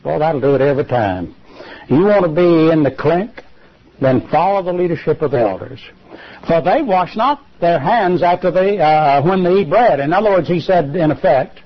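A man with a slightly high voice preaches a sermon, pressing his points with rhetorical questions. His pitch leaps suddenly when he stresses a word. The sound is somewhat dull and lo-fi, like an old television broadcast. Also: very animated, moderate pace, breathy edge.

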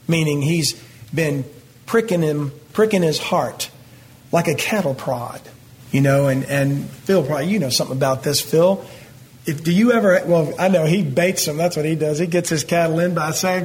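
A man's voice: a little high, normal speed. A middle-aged man, teaching a Bible passage verse by verse in a folksy, conversational way and talking directly to his congregation. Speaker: pastor.

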